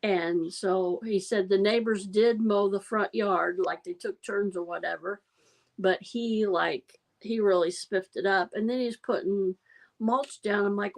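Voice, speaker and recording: On a casual livestream, a woman chats with her viewers, laughing often as she tells rambling stories. Her mid-range voice holds a steady tone at a slightly slow pace, and the recording is rough.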